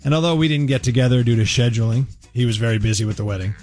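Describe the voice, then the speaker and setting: A man's voice: mid-range voice, very fast, faint music behind. A man from Massachusetts co-hosting a morning radio show, telling stories in casual, jokey banter. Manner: storytelling, animated, jokey.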